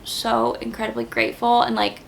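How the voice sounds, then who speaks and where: A woman's voice: fairly high pitch, little pitch movement, brisk, gravelly, slight background noise. A young woman in her twenties talking casually to camera as a YouTuber, earnest and grateful, with lots of "like" fillers. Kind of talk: casual vlog talk to camera.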